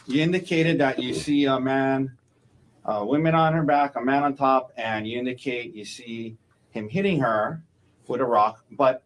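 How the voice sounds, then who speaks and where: Man, defense attorney, courtroom cross-examination, mid-range voice, halting, repetitive leading questions. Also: mid-range voice, low-quality recording. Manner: halting, repeats words, ends with "correct?".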